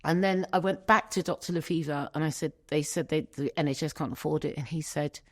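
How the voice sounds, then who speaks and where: In a low-pitched voice, a woman shares a painful story from her own life during an interview, sounding emotional and searching, with pauses.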